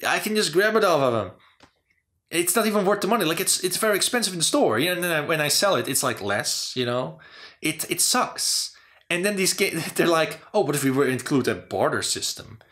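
A man's voice: fairly high pitch, expressive, fairly quick, pushed and bright. A man hosting a casual talk about game design, rambling with lots of "you know" and "like". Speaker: channel host.

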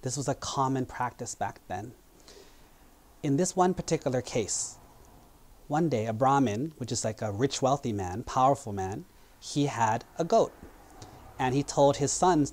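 A Buddhist monk delivering a daily sermon, telling an old parable in simple, measured sentences. His voice sits at an ordinary middle pitch for a man, plain and even. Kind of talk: sermon storytelling. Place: temple.

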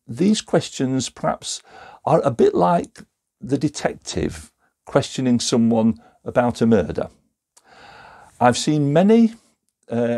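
Male preacher giving a recorded sermon; gravelly, husky voice, reflective and searching. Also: mid-range voice, dark tone. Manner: reflective, thinking aloud with small restarts. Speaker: Methodist preacher.

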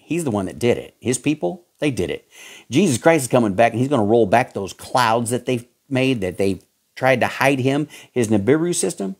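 A male pastor with a Southern accent preaching with fervor and urgency. His voice swoops up and down in a lively way as he drives his points home through repetition. He sits at an ordinary, middle pitch for a man. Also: breathy edge. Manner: fervent, emphatic, repetitive. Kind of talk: fiery sermon.

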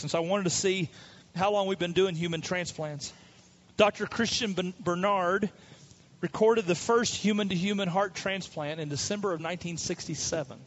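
A man's voice: high-pitched, highs cut off. A man pastor preaching a sermon in a conversational way, with stories from his own family. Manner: conversational preaching with personal anecdotes.

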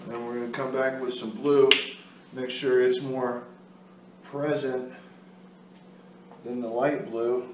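Taking it slowly, a male art instructor demonstrates a painting step by step in a level, mid-range voice, pausing often and chatting casually as he works. The recording is very reverberant, captured from a distance, with faint noise.

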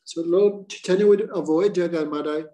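A man's voice: on the high side, moderate pace, low-quality recording. A man, a spiritual teacher, telling a devotional story in a class and acting out the lines of its figures. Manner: animated storyteller who voices quoted lines.

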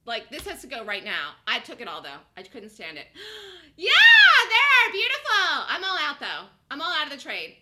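A woman day trader giving excited live commentary on her trades, swinging between muttered asides and shouted calls. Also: sits high, normal speed, background noise. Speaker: day trader streaming a live trading room.

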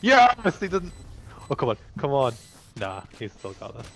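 A man's voice: mid-range voice, very animated, normal speed, vocal fry, breathy edge. A man from Scotland chatting casually and teasing while playing a game with a friend. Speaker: co-player. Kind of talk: casual gaming chat.

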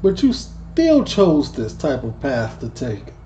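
A man's voice: mid-range voice, wildly swooping pitch, takes it slowly, warm tone, lo-fi sound, slight background noise. A man from Chicago giving joking, slangy commentary as he reacts to video clips. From Chicago, USA. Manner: slangy, joking, laughs often.

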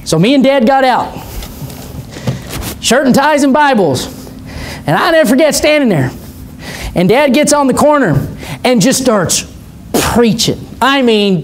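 A man preaching a sermon in a church, telling stories with fervor and building to shouts. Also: very high voice, very animated, measured pace, long pauses, a little hiss or hum. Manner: fervent storytelling preacher, rising to shouts. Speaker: pastor. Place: church sanctuary.

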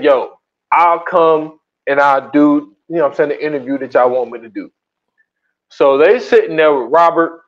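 A man's voice: on the high side, highs cut off. A man co-hosting a podcast in casual chat, retelling a documentary in a rambling, slangy way with many restarts. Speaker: podcast co-host.

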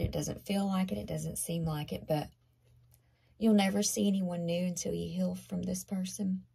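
A woman giving a tarot card reading to viewers, talking earnestly and conversationally, often dropping into soft half-whispers. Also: on the low side, gravelly, breathy edge. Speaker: tarot reader.

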